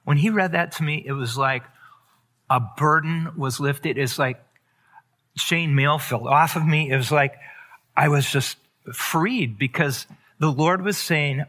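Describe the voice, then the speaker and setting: Bright-voiced preacher sharing a candid testimony. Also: male voice, fairly high pitch, unhurried. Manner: candid, confessional storytelling, rising to emphatic. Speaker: pastor. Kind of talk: personal testimony sermon.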